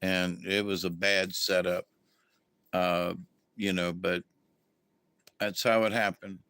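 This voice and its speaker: Slow, gravelly man chatting. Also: deep voice, flat delivery, a bit bright, no room sound. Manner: rambling, folksy, greets viewers mid-story. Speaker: livestream host. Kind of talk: casual storytelling to a live chat.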